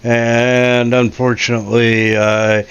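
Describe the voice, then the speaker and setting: A man's voice: mid-range voice, flat delivery, slow, fairly bright tone, smooth. A man running a tabletop game as game master, describing scenes hesitantly with many fillers, on dull lo-fi audio.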